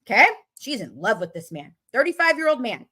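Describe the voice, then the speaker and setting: A woman's voice: a little high, sing-song, brisk, bright, forceful tone, breathy edge. A woman talking casually to viewers about a true-crime case, emphatic and repetitive, swearing as she gets angry. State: openly angry.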